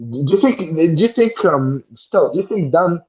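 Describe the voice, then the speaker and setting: A man's voice: a little high, lively intonation, moderate pace, darkish tone, slightly rough. A man, a guest on a live fan stream, talking in slangy drawling chat with lots of "man" and "bro". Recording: dull lo-fi call audio.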